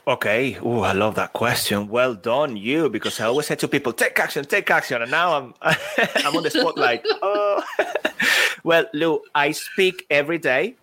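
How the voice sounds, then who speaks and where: A man's voice: mid-range voice, normal speed, a bit bright, husky. A man with a non-native English accent, talking casually and animatedly as a podcast guest, laughing easily and thinking aloud. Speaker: podcast guest, public speaker. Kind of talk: casual interview talk.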